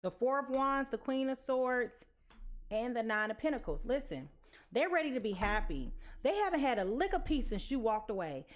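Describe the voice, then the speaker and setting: A woman's voice: fairly high pitch, very animated, moderate pace. A sleepy woman giving a casual tarot card reading, chatty and sassy, tossing in slang and pet names. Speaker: tarot reader.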